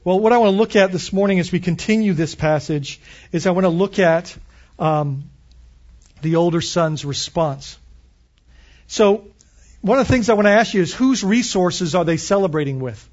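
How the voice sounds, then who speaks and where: A man's voice: high-pitched, normal speed, darkish tone, highs cut off. A man preaching a morning sermon as pastor, reading scripture aloud and explaining it with questions to his listeners.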